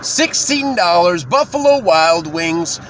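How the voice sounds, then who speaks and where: A man with a fairly high voice that swings widely, narrating his delivery shifts as a casual vlog. He talks in a hyped, jokey, storytelling way. Steady road noise from the car comes through clearly behind him. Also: slow. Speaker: delivery driver vlogger. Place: inside a car.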